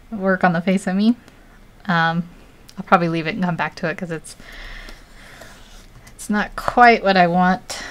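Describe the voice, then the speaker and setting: An American woman streaming live as she draws, chatting casually, laughing often and poking fun at herself. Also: mid-range voice. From United States. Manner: giggly, laughs often, self-deprecating. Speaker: artist livestreaming. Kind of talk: casual chat while drawing.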